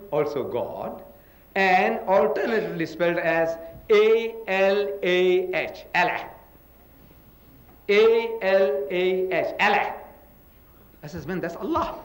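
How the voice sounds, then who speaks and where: A man from India raised in Africa, giving an emphatic public lecture and spelling words out letter by letter. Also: sits high. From India, raised in South Africa. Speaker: lecturer in a public religious debate. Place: lecture hall. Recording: roomy hall echo.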